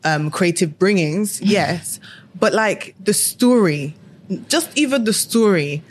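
A woman's voice: mid-range voice, expressive, takes it slowly. A woman hosting a casual chat, reacting expressively and with feeling to her guest. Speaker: host.

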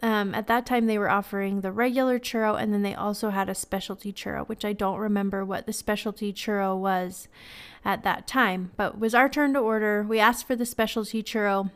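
A woman's voice: medium pitch, steady tone, a little fast, clean tone. A woman in her thirties hosting a podcast, telling stories in a chatty, sentimental way with some ums and laughs. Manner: emotional, tearful at times, sentimental. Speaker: podcast host. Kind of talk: casual podcast storytelling.

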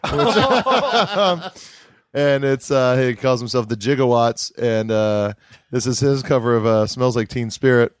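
A man's voice: mid-range voice, expressive, measured pace, dry recording, studio quality. A man hosting a podcast, talking loosely with many fillers. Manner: loose, hesitant, filler-heavy. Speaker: podcast host. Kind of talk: casual podcast banter.

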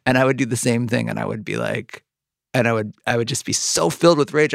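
Man, podcast host, rambling conversational talk, mid-pitched, dry close sound. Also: quick pace, vocal fry, no room sound. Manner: rambling, many likes and restarts. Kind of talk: conversational interview.

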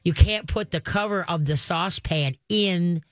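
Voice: mid-range voice, a little slow, dry recording. An older radio host giving dog-training advice to callers in a casual, joking way, checking in often with "okay?". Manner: chatty, jokey, checks in with "okay?". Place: radio studio.

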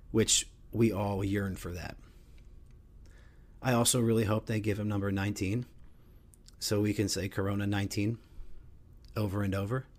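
A middle-aged man hosts a casual sports podcast with a rambling, joking delivery. He swears freely, and his voice sits slightly low. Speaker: podcast host.

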